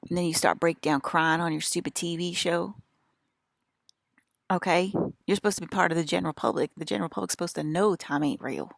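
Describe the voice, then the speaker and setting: A woman's voice: on the low side, brisk, creaky, dry recording, studio quality. A woman with an American country accent, rambling in an agitated, profane and repetitive monologue as a vlogger.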